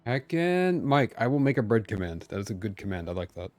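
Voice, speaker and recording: A man's voice: fairly low pitch, big pitch swings, a little fast, a little mellow. Playful, rambling male streamer. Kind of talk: casual gameplay commentary.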